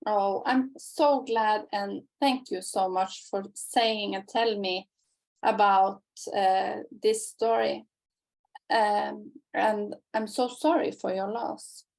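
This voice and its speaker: A woman hosting an interview, listening closely and answering with soft affirmations. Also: medium pitch, fairly even intonation, takes it slowly, creaky, rough recording. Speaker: interview host. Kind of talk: casual interview chat.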